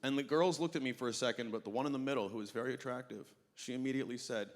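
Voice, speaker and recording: A male stand-up comedian telling an animated story on a festival stage through a handheld mic. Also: medium pitch, racing, hardly any pauses. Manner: animated, acts out voices. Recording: long reverb of a hall.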